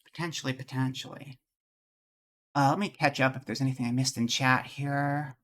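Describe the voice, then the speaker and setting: Bright-voiced man rambling on stream. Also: mid-range voice, steady tone, fairly quick. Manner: rambling and jokey, thinking aloud; greets viewers in chat. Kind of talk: casual live-stream chat.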